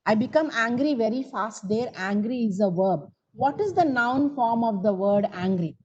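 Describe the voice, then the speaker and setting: A woman's voice: on the high side, expressive, normal speed, a little mellow, lo-fi sound. A woman teaching grammar in an online coaching class, coaxing students for answers and calling on them by name. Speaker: English teacher.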